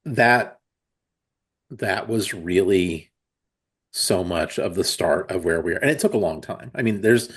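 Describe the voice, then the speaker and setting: A man's voice: sits low, lively intonation, measured pace, long pauses, breathy edge. A man in his forties, a comics creator, talking casually and rambling through restarts as an interview guest. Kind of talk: casual conversation.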